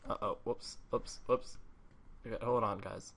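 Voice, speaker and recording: A man's voice: lowish voice, fairly even intonation, a little slow, gravelly, fairly bright tone. A man hosting a gaming channel, giving casual gameplay commentary in a jokey, self-mocking way.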